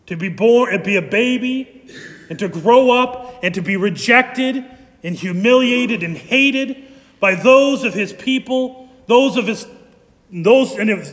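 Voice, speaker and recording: A man preaching a sermon as pastor, animated and emphatic. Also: sits high, long reverb tail.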